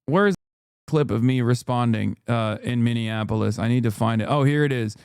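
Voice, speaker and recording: A man's voice: mid-range voice, normal speed, darkish tone, clean tone, no echo, studio quality. A man in his thirties hosting a live-stream reaction, ranting sarcastically and reading chat messages aloud. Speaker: streamer host.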